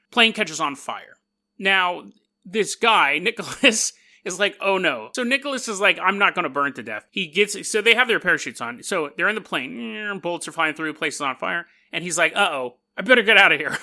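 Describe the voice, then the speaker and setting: A man hosting a podcast, telling stories in a casual, joking way, laughing often and putting on quick voices for the people in them. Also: high voice, sharp tone. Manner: laughs often mid-sentence. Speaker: podcast host. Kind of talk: casual storytelling monologue.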